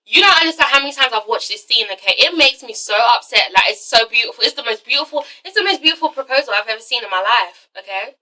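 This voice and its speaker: A young woman recaps a TV episode in a fast, gushing vlog style, swearing freely. Her voice is high and bright. The mic sits a little far from her. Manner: gushing, swearing, animated storytelling. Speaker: TV show reviewer. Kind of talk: excited casual recap vlog.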